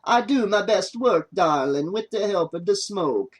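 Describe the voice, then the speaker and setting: A man's voice: sits high, animated, unhurried, pitched above the performer's own voice. A man doing a stoned cameraman in a fake Jamaican drawl. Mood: laid-back teasing. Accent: overdone fake Jamaican. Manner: lazy, teasing, calls everyone darling. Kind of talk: audiobook character voice.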